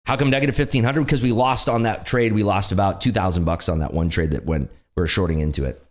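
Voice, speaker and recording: A man hosting a live day trading stream, excitably calling market moves and chatting with viewers. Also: lowish voice, quick pace. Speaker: day trading livestream host.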